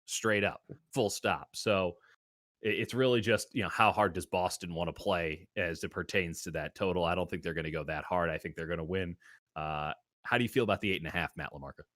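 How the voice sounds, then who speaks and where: In clean studio sound with no echo, a man with a low, pushed, bright voice hosts a sports betting podcast. He gives his picks conversationally and riffs with comic exaggeration.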